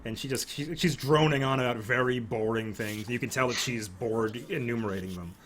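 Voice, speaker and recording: A man's voice: medium pitch, brisk, a bit bright, slight background noise. Man narrating as game master. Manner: loose, filler-heavy narration.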